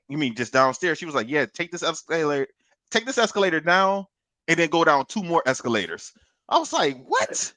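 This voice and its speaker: A man on a podcast telling a long story in a casual, animated way, swearing and laughing as he goes. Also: on the high side, dry recording. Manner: animated, profane, laughs through his story. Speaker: podcast co-host.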